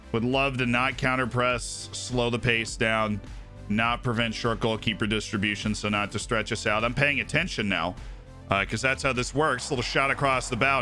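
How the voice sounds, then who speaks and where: A male streamer with a medium-pitched voice plays a football management game live, giving lively, excitable commentary. He shouts at his on-screen players as he goes.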